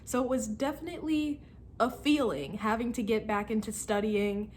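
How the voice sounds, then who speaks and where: A woman in her twenties telling stories in a casual vlog, animated and laughing as she acts out her friends' lines. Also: fairly high pitch, normal speed, a little hiss or hum. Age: 20s. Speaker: student vlogger.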